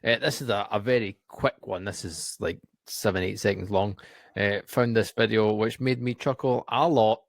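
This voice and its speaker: Scottish male co-host, laughs easily, lowish, dry close mic. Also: steady tone, normal speed, creaky, no echo. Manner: sweary, laughs a lot. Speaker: podcast co-host. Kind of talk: casual chat.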